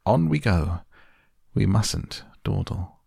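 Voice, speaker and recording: Eccentric, impatient male factory owner for a storybook, deep gravelly voice, as a man reads him. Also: animated, warm tone, no room sound, clean studio sound, full character voice. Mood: brisk. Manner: brisk, impatient, theatrical.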